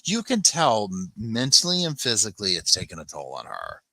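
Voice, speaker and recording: A low-pitched man chats casually on a home livestream, often dropping into soft cooing as he fusses over his puppies. His voice is bright and forceful, and the sound is close and dry. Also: huge pitch swings, normal speed, gravelly, no echo. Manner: chatty, coos softly to his puppies. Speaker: livestream host.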